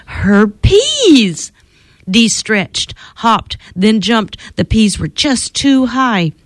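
A woman radio host reading a children's storybook aloud in a studio with an expressive delivery, then appealing to listeners. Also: on the high side, slow, dry recording.

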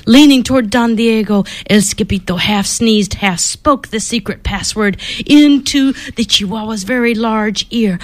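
A woman reading a children's storybook aloud, expressive and dropping to whispers for suspense. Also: medium pitch, normal speed, gravelly, hardly any pauses, dry recording.

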